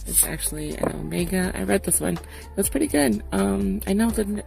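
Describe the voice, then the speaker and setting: A woman vlogger in casual chat, relaxed and swearing freely. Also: medium pitch, brisk, gravelly. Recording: music playing behind her voice.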